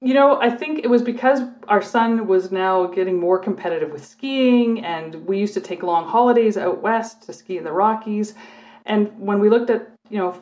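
A middle-aged woman from Canada, a former police officer, telling her stories in a relaxed, chatty way on a podcast. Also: mid-range voice, moderate pace. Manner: chatty storyteller, talks readily at length. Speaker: guest, former undercover cop and prosecutor. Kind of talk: casual podcast chat. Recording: muffled lo-fi audio.

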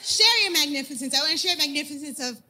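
A woman's voice: sits high, expressive, fast talker, bright, forceful tone, soft background music. Rambling woman from Brooklyn at mic. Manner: rambling, hesitant. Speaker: audience member.

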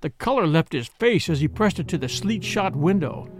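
A man narrating a classic novel in a vivid, expressive way. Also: a little high, moderate pace. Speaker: audiobook narrator.

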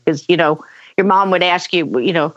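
Woman, conversational storyteller, animated, acts out quotes, dull dry lo-fi sound. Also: on the low side, normal speed, no room sound. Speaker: guest telling a personal story.

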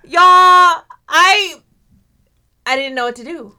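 A woman's voice: extremely high pitch, slow, pushed and bright. A woman co-hosting a podcast, telling a comic story in casual chat with lots of swearing. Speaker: podcast co-host.

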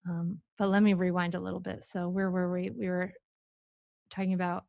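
A woman's voice: fairly low pitch, level tone, normal speed, vocal fry, no room sound, highs cut off. Dry-voiced playful parenting coach, a woman. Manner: playful, demonstrative, acts out examples. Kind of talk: on-air coaching call.

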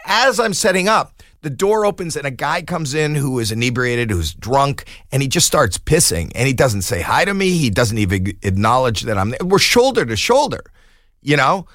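In clean studio sound with no room noise, a middle-aged comedian speaks at a moderate pace in a mid-range voice. As a podcast guest, he tells a story animatedly, laughing and doing put-on voices to quote the people involved.

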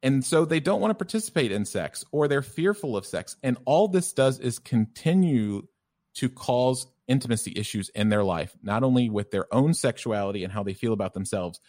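Middle-aged Southern-born man, mid-pitched voice, loose anecdotal podcast talk. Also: moderate pace. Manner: relaxed storytelling, filler-heavy. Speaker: guest sex therapist. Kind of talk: conversational podcast interview.

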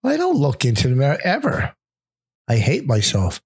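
A man's voice: mid-range voice, wildly swooping pitch, normal speed, slightly rough, dry recording, clean studio sound. A man with a lisp, a comedian co-hosting a podcast, talking in a rambling, joking way that drifts off topic. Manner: rambling, joking, easily sidetracked. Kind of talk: casual podcast banter.

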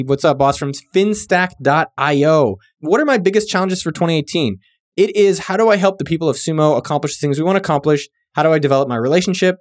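A laid-back man from California runs through listener shout-outs on his podcast, joking and swearing freely in slangy talk. His voice sits a little high for a man and sounds close and dry, with no room around it. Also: no room sound. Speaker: podcast host. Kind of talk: casual shout-out monologue.

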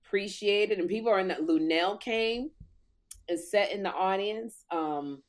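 A woman comic telling a story in lively chat, acting out quotes in a loud voice. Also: mid-range voice, moderate pace. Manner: animated, acts out quotes loudly. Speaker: talk show host and comic, guest.

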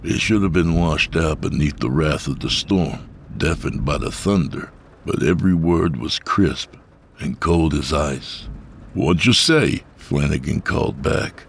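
A man narrating a horror story in a steady, measured way. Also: rumbling low, creaky, slight background noise.

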